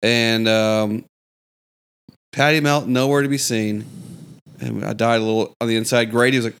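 Easygoing man, wry co-host, quick asides. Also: medium pitch, fairly even intonation, a bit bright, clear, resonant tone. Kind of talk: casual chat.

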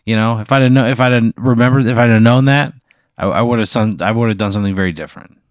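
A man's voice: mid-range voice, fast, no room sound, studio quality. A man reacting in casual comedy banter, exasperated and swearing at the story's turns. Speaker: podcast co-host.

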